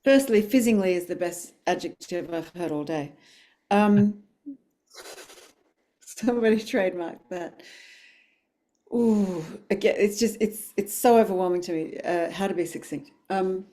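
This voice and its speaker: Effusive woman, warm and mellow. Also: mid-range voice, unhurried, pauses often. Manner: effusive, emphatic and passionate. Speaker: dialogue coach panelist. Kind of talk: webinar panel discussion. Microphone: video call.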